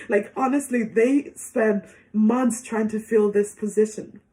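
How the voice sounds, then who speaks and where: A young woman telling a personal story in a casual, chatty way, with many fillers and soft laughs. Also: medium pitch, moderate pace, few pauses.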